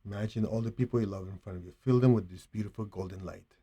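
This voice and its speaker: A man with a Chinese accent guiding a meditation in a hushed, slow, calm voice with long pauses. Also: fairly low pitch, breathy edge. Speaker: meditation teacher. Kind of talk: guided meditation.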